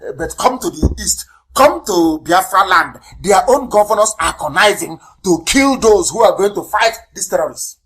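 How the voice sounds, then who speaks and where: A man with a Nigerian accent giving a live radio address, fiery and denouncing. He repeats words for emphasis and swings between loud bursts and low asides. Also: animated, normal speed, few pauses, poor audio. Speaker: political leader broadcasting on radio.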